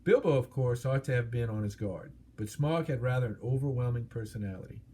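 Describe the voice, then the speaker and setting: A man narrating an audiobook in a steady, expressive storytelling manner. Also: mid-range voice, a little fast, slight background noise.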